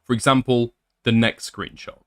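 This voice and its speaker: A man's voice: mid-range voice, fairly even intonation, moderate pace, fairly bright tone. A man doing commentary as a YouTuber, reading screenshots aloud with blunt, sarcastic asides.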